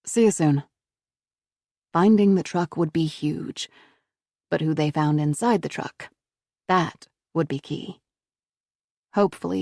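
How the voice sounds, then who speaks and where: A woman narrating a crime novel audiobook in a steady, even storytelling manner. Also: on the low side, no echo, clean studio sound. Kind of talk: scripted narration.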